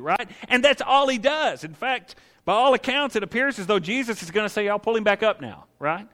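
A man preaches with a high, bright voice that sits above most men. He is animated, leaning into the scripture and acting out its voices as he goes. The delivery is a full sermon. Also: fairly quick, hardly any pauses. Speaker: pastor.

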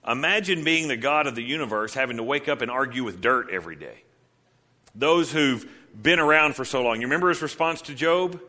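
A male pastor preaching a sermon with an animated style, asking rhetorical questions and acting out the voices in the stories he tells. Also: fairly high pitch, moderate pace.

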